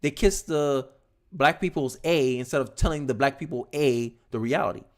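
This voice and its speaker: A young man giving casual, animated political commentary on his own livestream, with quick asides and repeated words when he gets going. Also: mid-range voice.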